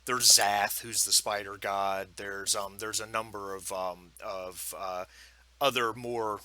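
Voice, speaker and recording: A man's voice: on the low side, steady tone, slow pace, bright, forceful tone. A man narrating as game master for a tabletop role-playing game, rambling with many ums and restarts.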